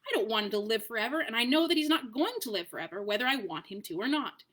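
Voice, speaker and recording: A woman voicing a proud, brisk adult male talking war horse in a storybook read-aloud, with a commanding, impatient manner. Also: on the high side. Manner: commanding, impatient, lively emphasis.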